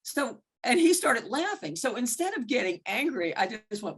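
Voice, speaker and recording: Speaking at a moderate pace in a husky voice, a woman who referees basketball gives a mentoring talk full of frank anecdotes. She performs the exchanges she recalls with large pitch leaps, staying animated and blunt, with the occasional mild curse.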